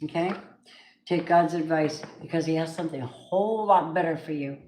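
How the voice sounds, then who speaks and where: A woman's voice: deep voice, fairly quick, a little mellow, slight background noise. Chatty woman tarot reader, echoey room. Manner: chatty, emphatic, preacher-like bursts. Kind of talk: live tarot reading, casual chat.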